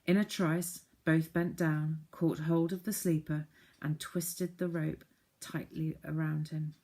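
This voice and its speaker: A woman narrating a children's storybook with gentle, clear reading. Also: deep voice, fairly even intonation, measured pace. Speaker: audiobook narrator.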